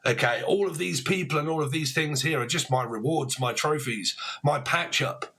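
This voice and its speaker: A man's voice: a little high, normal speed, vocal fry, pushed and bright, breathy edge. A man giving a casual tarot reading to camera, rambling, swearing freely and laughing at himself. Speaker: tarot reader.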